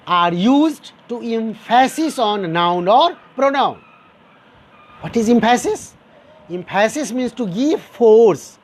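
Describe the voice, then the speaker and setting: A man teaching a grammar lesson, repeating each example sentence and explaining it step by step to his dear students. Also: extremely high pitch. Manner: addresses listeners as dear students.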